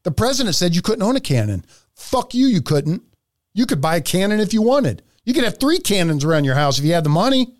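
A man's voice: high-pitched, very animated, fairly quick. A man hosting a podcast, ranting profanely through heated political commentary. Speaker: podcast host.

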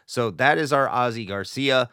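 A man's voice: medium pitch, normal speed, bright, forceful tone, clear, resonant tone, dry recording, studio quality. A man hosting a retro gaming podcast, talking in a playful, wordy, alliterative way. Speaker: podcast host. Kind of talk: casual podcast chat.

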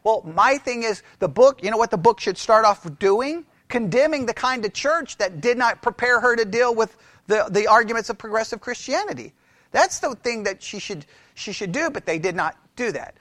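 A man's voice: high-pitched, expressive, moderate pace, fairly bright tone, no room sound. A man lecturing a Bible class in a conversational way, quizzing his listeners and repeating key phrases.

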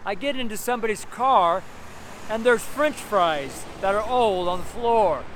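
A man with a fairly high voice delivers a rambling, earnest street sermon, circling back and repeating his points. He is recorded outdoors, and passing cars and street noise are clearly audible around him. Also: animated, unhurried, fairly bright tone. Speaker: street minister. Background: passing cars and urban street noise.

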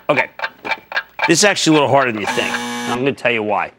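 An older man hosting a finance call-in show, excitable and emphatic in rapid-fire bursts. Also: mid-range voice, slight background noise. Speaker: TV stock market show host.

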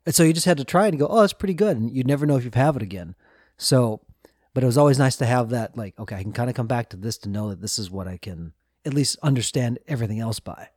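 A man co-hosting a podcast, talking in a reflective, easygoing way and laughing often. His pitch is middling. The recording is dry and close, with no room sound. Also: fast talker, a little mellow, dry recording. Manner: reflective, asks questions, laughs easily. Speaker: podcast co-host. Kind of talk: casual chat.

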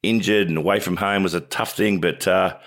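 An Australian man co-hosting a sports show, matey and halting, with many restarts. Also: deep voice, steady tone, a bit bright. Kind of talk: casual sports chat.

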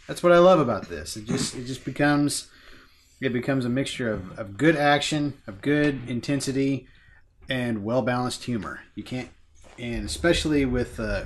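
A man's voice: mid-range voice, normal speed, a little hiss or hum. A man co-hosting a podcast, talking enthusiastically and acting out lines in casual chat. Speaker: podcast co-host. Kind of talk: casual movie discussion.

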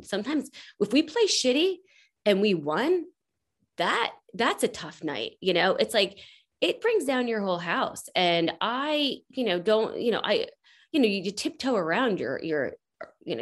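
A woman speaking as a podcast guest, telling a story in a chatty, rambling way full of fillers. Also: medium pitch. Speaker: podcast guest, coach's wife. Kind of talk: casual interview chat.

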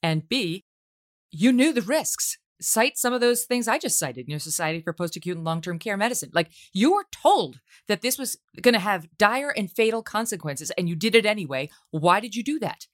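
A woman's voice: mid-range voice, expressive, a little fast, hardly any pauses. A woman hosting an interview podcast, talking in an incredulous, pointed way. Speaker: podcast host. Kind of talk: interview conversation.

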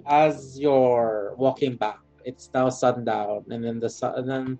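A man's voice: medium pitch, fairly even intonation, a little slow, warm tone. A man narrating as game master of a tabletop game, hesitant with frequent ums. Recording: dull lo-fi sound with faint music.

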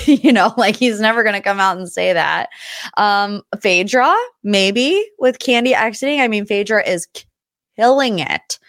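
A woman's voice: mid-range voice, unhurried, a bit bright, no echo, studio quality. Chatty gossiping woman podcast host. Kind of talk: casual pop culture chat.

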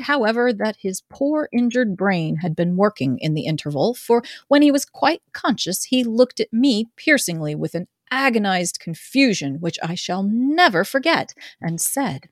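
A woman's voice: mid-range voice, lively intonation, a little slow, no echo. Woman narrating a novel, dry sound. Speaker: narrator in a group reading. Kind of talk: casual amateur reading of a novel.

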